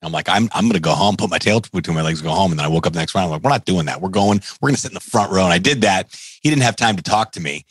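Deep-voiced male podcast host, dry sound. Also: racing, breathy edge, no room sound. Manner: lively storyteller, many fillers. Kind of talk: casual interview chat.

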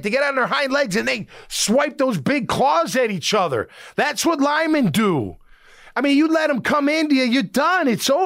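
Middle-aged ex-player hosting a sports podcast, a high-pitched guy who gets emphatic and rambles, dry mic. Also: fairly bright tone, dry recording. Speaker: podcast host and former football player. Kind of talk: casual sports talk podcast.

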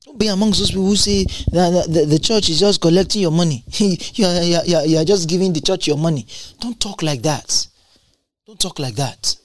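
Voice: fairly even intonation, fast, few pauses, no echo. Emphatic preacher, dry close sound. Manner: emphatic and repetitive, with large swings in pitch. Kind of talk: sermon.

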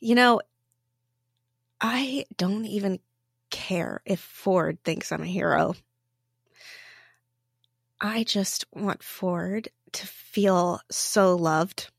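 A woman's voice: mid-range voice, very slow, creaky, pauses often, husky, no room sound. A woman speaks as a guest in a podcast interview, reflective and heartfelt. Her voice is recorded close and dry, with no room sound.

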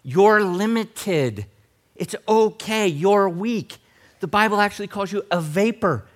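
Male pastor, higher register, lively jokey sermon delivery. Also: slow. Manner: animated, jokey, talks straight to the congregation.

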